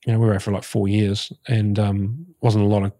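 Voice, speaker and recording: A man's voice: on the low side, little pitch movement, brisk, mellow. A middle-aged man, a guest on a podcast, telling his story reflectively and leaning on a lot of "you know". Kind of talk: casual interview chat.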